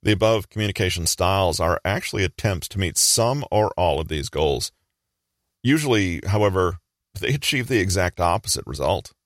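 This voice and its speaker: A man giving a measured, explanatory scripted narration. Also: deep voice, lively intonation, dry recording, studio quality.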